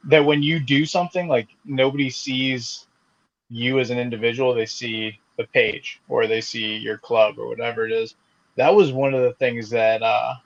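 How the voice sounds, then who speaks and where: Guy rambling on a podcast, swears a lot, says like constantly, kinda muffled lo-fi sound. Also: mid-range voice. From American South. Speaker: podcast co-host. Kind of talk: casual chat.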